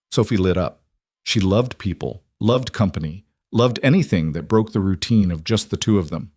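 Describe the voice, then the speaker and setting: A man reads a story aloud in a slow, measured way. His voice sits on the low side, and the recording is dry and close. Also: expressive, a little mellow, no room sound. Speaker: narrator. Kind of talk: scripted narration.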